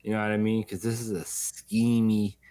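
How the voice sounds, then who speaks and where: A man's voice: lowish voice, flat delivery, warm tone. A man co-hosting a podcast in casual banter, joking and swearing while giving his take. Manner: joking, profane, talks in quick asides. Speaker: podcast co-host.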